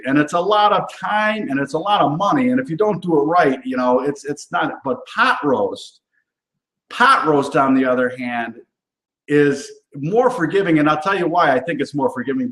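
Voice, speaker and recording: An upbeat man hosts his cooking show in a loose, rambling chat full of fillers and asides. His voice sits a bit high. It sounds roomy and echoey. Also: a bit bright. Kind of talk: casual on-camera chat. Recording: roomy echo.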